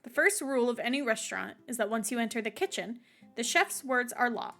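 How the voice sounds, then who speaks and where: A woman's voice: on the high side, lively intonation, fairly quick, fairly bright tone, faint music behind. A woman reading the lines of a demanding head chef aloud from a game, in her own voice. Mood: stern.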